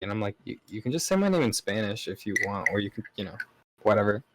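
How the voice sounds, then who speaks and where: A man's voice: fairly low pitch, sing-song, quick pace, background noise. A man guesting on a casual podcast, laid-back and swearing casually.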